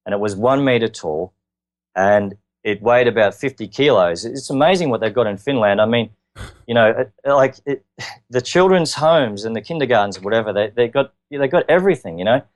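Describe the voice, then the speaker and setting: A man with an Australian accent, telling his own story as an interview guest in an earnest, halting way with many filler words. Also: mid-range voice, lively intonation.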